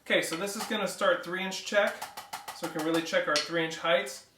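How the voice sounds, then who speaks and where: Male drumline coach, slightly high voice, counts out loud, heard from across a roomy space with loud drum clatter. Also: fairly even intonation, brisk, background noise. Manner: counts rhythms aloud loudly between explanations. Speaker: drumline instructor. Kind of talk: instructional demonstration. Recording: roomy echo, distant mic, loud clatter.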